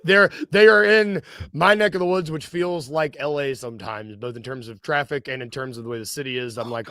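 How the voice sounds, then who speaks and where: Smooth and fairly bright, this mid-range male voice belongs to a Southern-accented podcast host from Tennessee. He rambles through a casual chat, joking and laughing easily, with no room sound.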